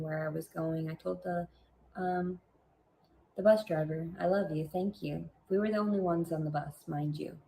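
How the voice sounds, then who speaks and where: Low, mellow woman telling a rambling story. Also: gravelly, slight background noise, low-quality recording. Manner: rambling, digressive, with many fillers and restarts; earnest and religious. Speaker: vlogger. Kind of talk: casual storytelling.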